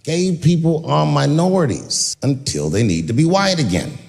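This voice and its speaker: A man's voice: a little high, normal speed, gravelly. A middle-aged man performing a stand-up comedy set, telling stories and acting out voices in a large venue. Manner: animated storytelling with acted-out voices. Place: large venue with a live audience. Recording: live hall recording with long reverb.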